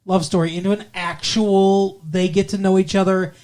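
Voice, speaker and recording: A man's voice: high-pitched, flat delivery, moderate pace, darkish tone. A man co-hosting a podcast, chatting casually about a movie in a rambling, profane way. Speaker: podcast co-host. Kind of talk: casual movie-review chat.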